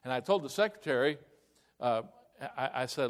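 A man who is a pastor, telling a story in a sermon in a folksy, animated way and acting out the dialogue, heard in a church. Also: mid-range voice, normal speed. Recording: echoey hall with long reverb.

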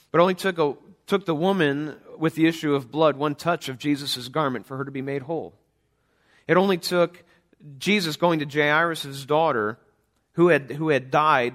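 A man's voice: fairly high pitch, a bit bright. A man preaching a sermon earnestly, reading scripture and speaking as a father to the parents in his church. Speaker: pastor; father of a young son.

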